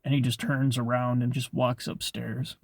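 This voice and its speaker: A man's voice: mid-range voice, level tone, normal speed, gravelly, a little mellow, no room sound, clean studio sound. A young man casually telling a personal story on his vlog, rambling, with lots of filler words and swearing. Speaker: vlogger.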